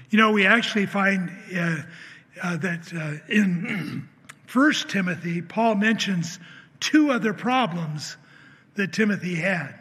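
A man's voice: high voice, slow pace, a bit bright, breathy edge. A man preaching a sermon, telling a personal story in an earnest way, acting out the dialogue and often restarting his sentences. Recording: long hall reverb.

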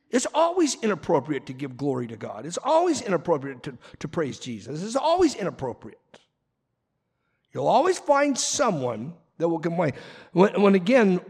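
A man preaching a sermon as pastor, animated and quick with asides and acted-out quotes. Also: fairly high pitch. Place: church sanctuary. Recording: long reverb of a large hall.

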